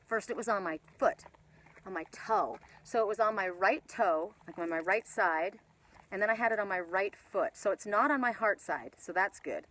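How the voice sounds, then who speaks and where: A woman spiritual reader chatting casually on a live stream, rambling and animated, talking into her phone outdoors in the mountains. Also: medium pitch, moderate pace, poor audio.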